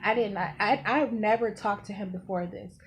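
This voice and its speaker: A young woman vlogger telling a casual storytime, animated and swearing, acting out what people said. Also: mid-range voice, moderate pace, a little hiss or hum. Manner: animated, swearing, acts out quotes.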